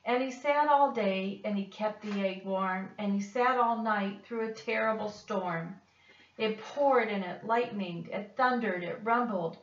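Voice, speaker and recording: A woman reading a rhyming picture book aloud with measured, expressive delivery. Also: medium pitch. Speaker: storyteller. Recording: dull, roomy, distant recording.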